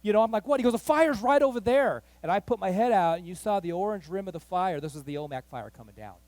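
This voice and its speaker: A man pastor telling a story in a sermon, animated and acting out the voices of the people in it. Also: sits high, very fast, no echo. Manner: animated, acts out quoted voices, rising excitement. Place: church.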